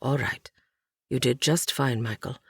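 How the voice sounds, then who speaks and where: A woman voicing a calm, protective man. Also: unhurried, gravelly, slightly rough, no echo, clean studio sound, full character voice. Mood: tense. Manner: firm, low-key instructions. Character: steady, protective grown man, calm under pressure.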